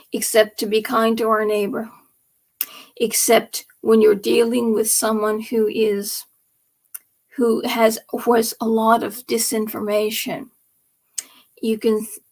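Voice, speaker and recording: Alone on her live stream late at night, a woman rambles through a monologue aimed straight at her viewers. Her voice is gravelly and full of vocal fry, a bit high-pitched, and she speaks slowly with emphasis, sometimes sinking to a hushed whisper.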